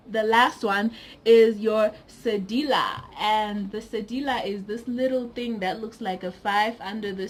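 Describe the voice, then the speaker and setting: A woman's voice: on the high side, slight background noise. A woman from Zimbabwe giving a casual video lesson, chatty and explaining with examples. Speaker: language teacher YouTuber.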